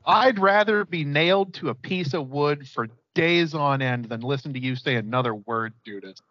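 A man acting out a long-suffering Jesus, fed up with his followers. The delivery is deadpan, slightly high. The sound is dry and dull. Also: normal speed, dry recording. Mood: exasperated. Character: weary, exasperated male Jesus.

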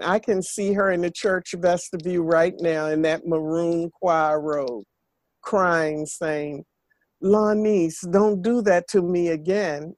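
A woman's voice: lowish voice, no echo. An older woman hosting a faith podcast, speaking in an earnest, repetitive preaching cadence. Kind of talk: spiritual talk monologue.

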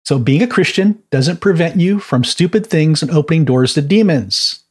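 A man's voice: fairly high pitch, lively intonation, normal speed, husky. A man teaching a Bible class in a chatty, informal way, laughing at his own stories and adding many asides.

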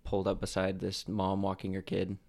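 Young man from idaho, very deep voice, gravelly, relaxed storyteller. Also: brisk. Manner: relaxed, laughs while telling stories, many fillers. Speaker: guest. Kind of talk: casual storytelling.

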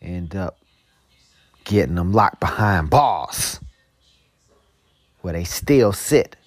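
Profane, slow-drawling man, dry sound. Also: sits low, expressive, no echo. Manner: profane, loose street slang with constant filler asides; drawls slowly, then bursts into fast heated storytelling. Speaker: host. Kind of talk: casual monologue.

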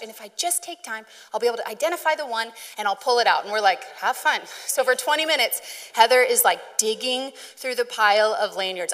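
A woman's voice: mid-range voice, fairly bright tone, big-room sound. A woman preaching a sermon in a conversational, storytelling way, asking the audience questions.

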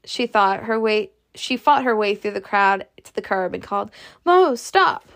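A woman reading a classic novel aloud as amateur audiobook narration, steady with occasional slips. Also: medium pitch, normal speed, creaky. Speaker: audiobook reader.

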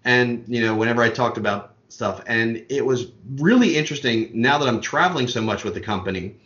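A man's voice: medium pitch, a bit bright. Man from Maryland, middle voice, rambling anecdotes, echoey dull recording. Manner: rambling storyteller, quick asides. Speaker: podcast co-host. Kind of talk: casual chat. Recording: roomy, dull lo-fi sound.

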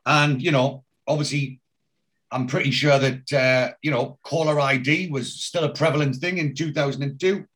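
A man's voice: mid-range voice, steady tone, normal speed, fairly bright tone. Chatty man recapping a TV episode. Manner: chatty, retelling scenes with quoted lines. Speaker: podcast host. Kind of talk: casual chat recapping a TV episode.

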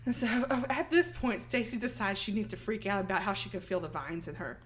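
A woman's voice: medium pitch, animated, brisk, slight background noise. A woman co-hosting a podcast, casually recapping a film and acting out the characters' lines. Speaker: podcast co-host.

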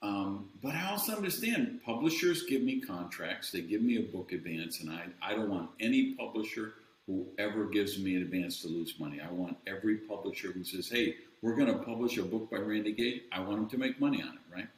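A man's voice: lowish voice, expressive, fairly quick, hardly any pauses. A man speaking as an interview guest, candid and self-deprecating, mocking other voices now and then. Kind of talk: casual interview chat. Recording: roomy echo.

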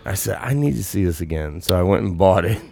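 A man co-hosting a casual podcast chat, rambling in a relaxed way and laughing along with his co-host. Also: low voice, fast, gravelly, dry recording.

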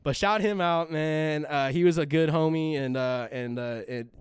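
On a podcast, a young male co-host tells stories casually, cursing freely and rambling with lots of fillers and restarts. His mid-pitched voice is smooth and clear at a normal speed, recorded in a very dry, close space with no echo.

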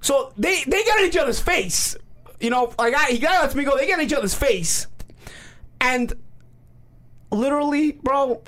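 A man's voice: very high-pitched, lively intonation, normal speed, pauses often, fairly bright tone. A man co-hosting a podcast, telling a rambling story in casual chat with many fillers. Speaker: podcast co-host.

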